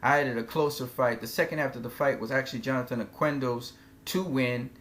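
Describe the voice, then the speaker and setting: Guy doing a chill boxing recap, talks his opinions, slows down on names. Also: medium pitch, steady tone, a bit bright. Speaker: boxing commentator. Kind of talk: casual fight recap.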